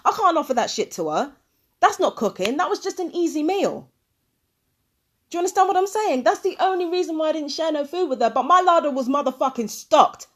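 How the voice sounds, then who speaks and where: A woman ranting angrily in a vlog, swearing and firing repeated questions at a recording she plays. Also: high voice. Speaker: vlogger. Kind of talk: angry commentary over a played recording.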